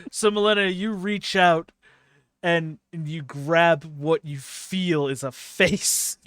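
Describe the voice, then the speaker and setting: A man running a tabletop game as game master, narrating with frequent laughter and quick asides. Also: on the high side, fairly even intonation, a bit bright, no room sound.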